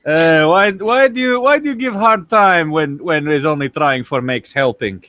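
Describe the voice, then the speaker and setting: A man's voice: expressive, takes it slowly. A man voicing a brash, pushy male Russian film director with a mock accent and broken English. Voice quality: broken English, higher and louder than his own voice.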